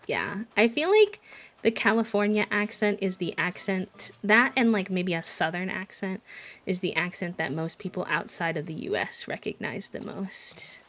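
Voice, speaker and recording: Young woman, Midwestern American accent, streamer, casual chatty talk, slightly low pitch. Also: moderate pace, fairly bright tone. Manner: chatty, thinking aloud. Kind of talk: casual chat while gaming and reading chat.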